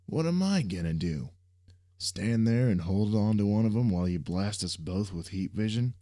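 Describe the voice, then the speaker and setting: A man's voice: on the low side, expressive, unhurried, dark tone, pitched above the performer's own voice. A man voicing a laid-back, reluctant young man who banters sardonically. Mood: wry.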